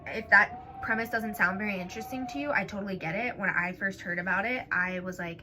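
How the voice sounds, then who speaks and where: A woman's voice: medium pitch, a little fast, few pauses. A young woman giving a casual, gushing book review outdoors, talking in a rambling way with many fillers. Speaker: book vlogger. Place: outdoors in strong wind. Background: wind noise.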